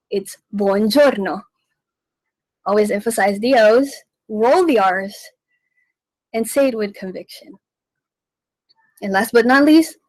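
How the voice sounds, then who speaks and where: A woman hosting a radio language lesson, teaching slowly and patiently and repeating each phrase. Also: mid-range voice, dry recording, poor audio. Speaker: radio language segment host. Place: radio studio.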